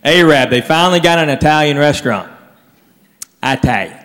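A man's voice: fairly high pitch, animated, moderate pace, a bit bright, slight background noise. A man telling stand-up comedy stories to a live audience. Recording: hall reverb with faint crowd.

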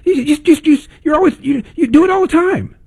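A man's voice: expressive, fast, vocal fry, darkish tone, exaggerated voice. A man putting on the voice of a flustered male critic who stammers and repeats himself. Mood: accusing, flustered. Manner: sputtering, repeats words, high whiny pitch.

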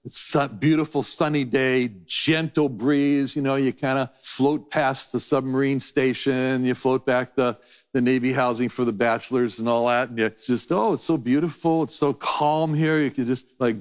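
A man's voice: medium pitch, moderate pace. A man giving a conversational sermon as a Bible teacher, telling stories animatedly and acting out voices. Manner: animated storytelling, acts out voices.

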